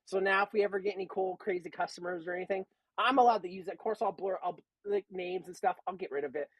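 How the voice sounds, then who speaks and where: A man's voice: sits high, quick pace, no room sound, poor audio. A man on a podcast, telling a work story in a casual, rambling way and swearing a lot. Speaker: podcast co-host.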